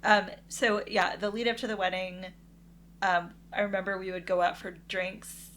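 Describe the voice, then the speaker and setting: A woman's voice: medium pitch, little pitch movement, normal speed, fairly bright tone, slight background noise. A woman co-hosting a podcast, telling a story in a chatty, wry way with fillers. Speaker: podcast co-host. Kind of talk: casual storytelling.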